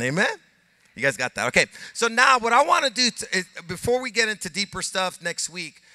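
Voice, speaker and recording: An older man preaching a sermon as pastor, animated, with call-and-response to his congregation. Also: high voice, no room sound. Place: church sanctuary.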